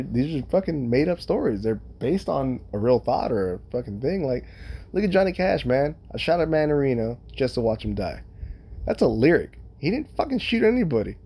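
Solo podcast host, adult man, husky mellow voice, swears constantly, rambles with sudden bursts of energy. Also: medium pitch. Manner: profane, rambling, animated. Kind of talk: casual solo monologue.

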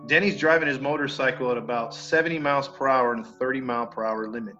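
A man's voice: medium pitch, quick pace. A man hosting a podcast, telling a true crime story in a casual, slangy way. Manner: animated, slangy, acts out quotes. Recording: dull lo-fi sound with faint music.

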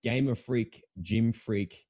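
A man's voice: mid-range voice, takes it slowly, warm tone. A young adult man with an Australian accent, chatting casually and upbeat as a guest streamer, with loose slangy phrasing. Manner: laid-back, upbeat, slangy. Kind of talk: casual chat.

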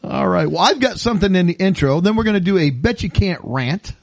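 Laughing, animated male podcast host. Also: high voice, brisk, creaky, dry recording. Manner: laughs often, animated storytelling. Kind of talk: casual chat.

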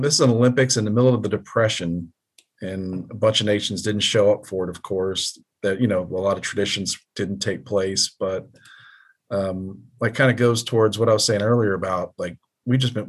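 A man with a low, husky voice drifts through a casual podcast chat. He rambles and circles back on himself, dropping the odd swear word in a laid-back way. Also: fairly quick. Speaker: podcast co-host.

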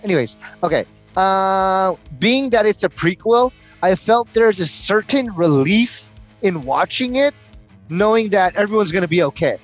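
A man co-hosting a casual podcast chat, ranting loudly and cursing often, breaking into mocking voices. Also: high voice, lively intonation, measured pace, soft background music. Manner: loud, ranting, profane, full of mocking put-on quotes. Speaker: podcast co-host.

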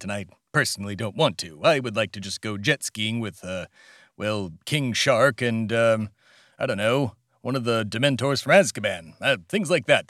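A man's voice: medium pitch, fairly bright tone, dry recording, studio quality. A man hosting a satirical comedy podcast, delivering a pompous, over-the-top patriotic monologue in character.

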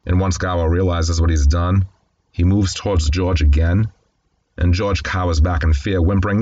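A man's voice: deep voice, steady tone, moderate pace, dark tone, lo-fi sound, slight background noise. A man casually recapping a classic film, candid and conversational with wry asides. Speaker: film commentator.

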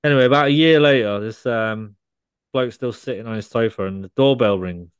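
A man's voice: medium pitch, fairly quick, clean tone, no room sound, close to an everyday voice. A man voicing a cheesy male car salesman, telling corny dad jokes in punchline rhythm. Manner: corny punchline delivery, stammering gag voice.

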